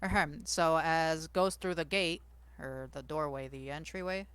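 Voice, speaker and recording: A man's voice: on the high side, steady tone, unhurried, fairly bright tone, clean tone. A man playing in a tabletop game who is self-conscious and laughs at himself while setting up his character's scene. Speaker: player. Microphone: home mic on an online call.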